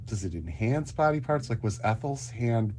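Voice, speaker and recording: A man's voice: mid-range voice, lively intonation, normal speed, a little mellow, a little hiss or hum. A man playing in a tabletop game over a voice call, rambling and joking, often stumbling over his words. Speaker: player.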